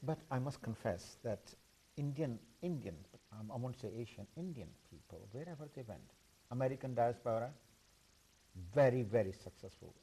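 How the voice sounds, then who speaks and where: A man talks haltingly as a studio guest, stopping for apologetic asides. His voice sits at a middle pitch, with faint hiss behind it. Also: animated, warm tone. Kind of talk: studio discussion.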